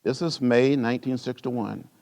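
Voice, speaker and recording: A man in his seventies from rural Alabama accepts an award at an indoor gala, his gravelly, slightly mellow voice moving at normal speed. The speech builds from a story into rousing oratory, with a preacher's cadence, big pitch swings and repeated phrases that rise.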